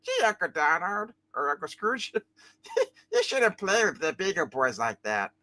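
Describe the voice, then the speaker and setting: A man's voice: high voice, wildly swooping pitch, unhurried, pushed and bright, heavily acted. A man voicing a cheeky young duck nephew in a live comic reading, teasing in tone.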